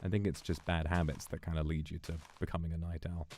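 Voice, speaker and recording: A man streaming and chatting casually, musing in a relaxed way and thanking viewers for donations. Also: sits low, quick pace, a little hiss or hum. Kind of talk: casual livestream chat.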